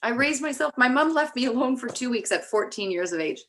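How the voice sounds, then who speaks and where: A Canadian woman speaking as a guest in a candid personal conversation, reflective and halting, with many restarts. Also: high voice, animated, a bit bright. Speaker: guest, recovery advocate.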